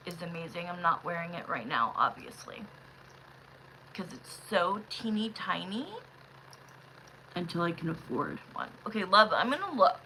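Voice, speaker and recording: A woman reading tarot on a live stream, chatting casually with viewers, calling them love and honey, with sudden loud excited bursts. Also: medium pitch, a little hiss or hum, rough recording. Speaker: livestream tarot reader.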